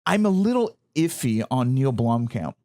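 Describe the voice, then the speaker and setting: Man in his thirties, chatty podcast co-host, rambles and restarts, medium pitch. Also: big pitch swings, moderate pace, warm tone. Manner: rambling, self-correcting, stammers on restarts. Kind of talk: casual chat.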